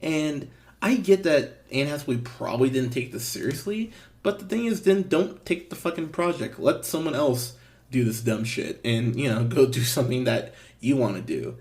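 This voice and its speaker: A man's voice: medium pitch, normal speed. A man hosting a movie podcast, giving a casual, blunt review with frequent swearing and restarts. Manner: blunt, swears, lively emphasis with fillers and restarts. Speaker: podcast host.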